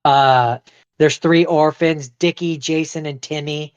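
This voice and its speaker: A man's voice: fairly high pitch, steady tone, slow pace, smooth. A man co-hosting a casual podcast, hesitant with many ums. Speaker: podcast co-host. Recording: dry, slightly dull close mic.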